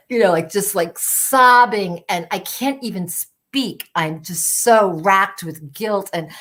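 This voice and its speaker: A middle-aged woman telling a personal story in an animated way, full of "like" and "you know" fillers. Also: mid-range voice, slow. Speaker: storytelling show host.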